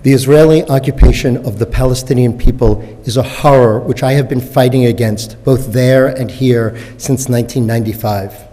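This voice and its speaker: Rabbi guy at the council mic, mellow voice, measured, echoey room. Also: medium pitch, steady tone. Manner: measured and deliberate. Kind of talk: prepared public comment. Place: council chamber.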